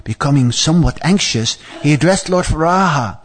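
A man's voice: a little high, animated, normal speed, slightly rough. Chatty man reading scripture aloud. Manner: chatty asides, stammering repeats, frequent fillers; playful, teasing the audience. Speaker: scripture class leader.

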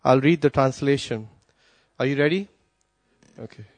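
A man giving a devotional class at a temple, talking quickly with restarts and soft asides, then taking questions. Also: mid-range voice, no room sound. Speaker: class speaker at a temple gathering.

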